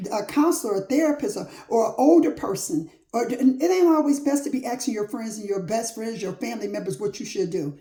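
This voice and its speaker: Woman preaching off the cuff, kinda high but warm dark tone, repeats herself for emphasis, echoey room. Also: lively intonation, a little fast, hardly any pauses. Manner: emphatic and repetitive, with a conversational preacher cadence; casual, folksy phrasing. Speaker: faith-based motivational speaker. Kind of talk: informal preaching monologue. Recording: roomy echo.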